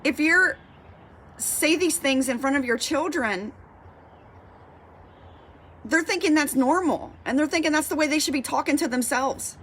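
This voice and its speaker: A woman's voice: high voice, unhurried, long pauses, fairly bright tone, slight background noise. A woman fitness coach giving a passionate motivational talk, fired up and repeating her points for emphasis.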